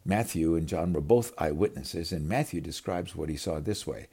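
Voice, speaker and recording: A man's voice: deep voice, moderate pace, mellow, husky. A man preaching a storytelling sermon, acting out the scenes and calling his listeners his friends. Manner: dramatic storytelling, acting out voices.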